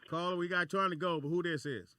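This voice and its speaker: Bright-voiced man, about sixty, hosting. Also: high-pitched, steady tone, fast, no room sound. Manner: loose, laid-back, full of shout-outs. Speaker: radio show host. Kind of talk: casual radio talk.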